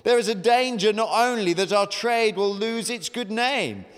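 Preacher doing a rich, pompous tradesman: posh drawl, high and loud, booming through a long hall reverb. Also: moderate pace, clean tone, faint music behind, lightly acted. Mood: indignant, pompous. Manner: posh, indignant speechifying. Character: wealthy pompous male silversmith, posh drawl.

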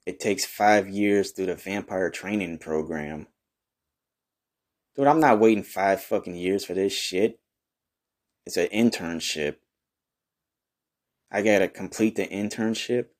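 A man with a low, deep voice runs an improvised comedy bit. He talks brash, slangy and profane. He argues with a partner who is never heard. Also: slow, pauses often. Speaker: comedy podcast host in character.

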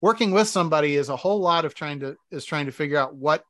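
A married man co-hosting a podcast, chatting casually and telling animated stories where he acts out domestic arguments. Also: a little high, quick pace, no room sound, clean studio sound. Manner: animated storytelling, acting out arguments. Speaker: podcast co-host. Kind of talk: casual chat.

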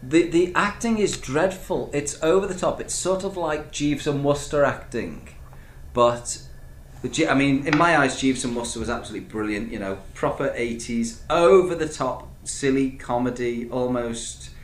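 A man's voice: mid-range voice, moderate pace. A man hosting a casual chat, rambling through opinions with many restarts and asides. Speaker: podcast host reviewing TV shows. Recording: echoey room with faint background noise.

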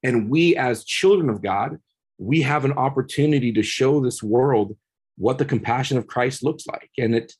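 Earnest husky-voiced man telling a story. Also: medium pitch, darkish tone. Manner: earnest, repeats words often, builds to passionate peaks. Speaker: podcast guest. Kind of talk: casual conversation, storytelling.

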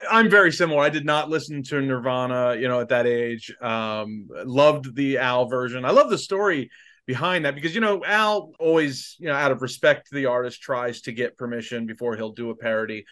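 Animated storytelling man, podcast co-host. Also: medium pitch, a little fast. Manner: animated storyteller, laughs while retelling. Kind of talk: casual chat, storytelling.

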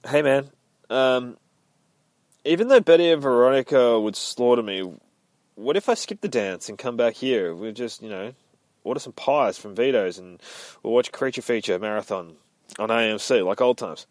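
A man's voice: medium pitch, moderate pace, no echo, close to an everyday voice. A man voicing a friendly, easygoing teenage boy in a casual, chatty way while reading a comic aloud.

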